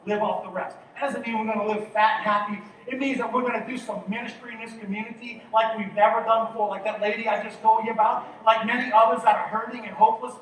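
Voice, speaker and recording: A man with a strikingly high voice preaches a sermon, urging his congregation on and asking them to answer back. He sits well off the mic, and his words ring around a very reverberant church hall over a faint background hiss. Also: steady tone, fast, hardly any pauses. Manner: exhorting, calls for congregation responses. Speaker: pastor. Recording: very echoey hall, distant mic, faint noise.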